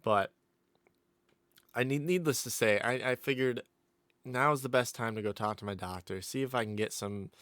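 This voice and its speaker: A man's voice: medium pitch, moderate pace, pauses often, a bit bright, dry recording. A man hosting his own podcast, chatting casually and rambling with plenty of fillers and restarts, his voice a little sick. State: slightly sick voice. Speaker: podcast host. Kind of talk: casual solo podcast chat. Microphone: studio condenser microphone through a mixer.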